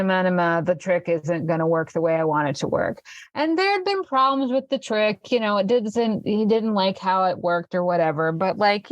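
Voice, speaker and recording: A woman's voice: medium pitch, no echo, lo-fi sound, natural voice. Woman voicing a rambling stoner man. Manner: rambling, hesitant, full of fillers.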